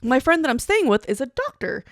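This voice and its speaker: Casting note: woman, slightly high voice, blunt and profane, dry close sound, co-host in a casual chat. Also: big pitch swings, fairly quick, dry recording. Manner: blunt, swears freely, acts out quotes.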